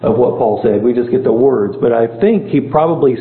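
A man with a medium-pitched, expressive voice talks fairly quickly as he leads an informal Bible study, chatting conversationally and putting questions to his group. The recording sounds echoey and tinny, like a phone, with a faint hum underneath.

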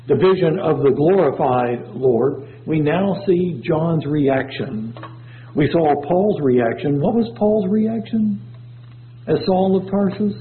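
A man preaching a sermon, his voice surging up and dropping low as he reads scripture. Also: a little hiss or hum. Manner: preaching with sudden swells and drops in pitch. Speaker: pastor. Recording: tinny phone-like low-fi recording.

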